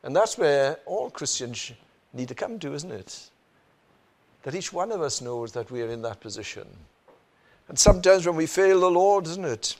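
A man's voice: on the high side, lively intonation, normal speed. A man preaching a sermon in an earnest manner, often asking the listeners rhetorical questions. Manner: earnest, rhetorical questions, frequent "you know" and "isn't it".

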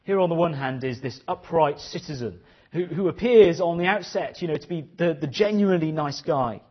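Husky preacher, earnest sermon. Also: male voice, a little high, normal speed, lo-fi sound. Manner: earnest, questioning, repeats phrases.

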